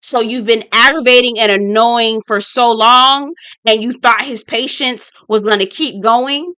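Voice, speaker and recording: Sassy woman doing a reality tv recap, crisp bright voice, dry close sound, keeps repeating herself for effect. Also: fairly high pitch, steady tone, unhurried, no room sound. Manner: blunt, sassy, talks straight to viewers; emphatic, repeats points for effect. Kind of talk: casual reality-show review vlog.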